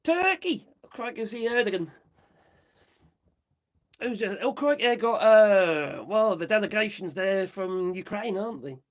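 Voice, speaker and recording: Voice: mid-range voice, expressive, a little slow, pauses often. A host chatting loosely on a livestream, rambling, giggling and muttering while reading off a phone. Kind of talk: casual livestream chat reacting to viewers.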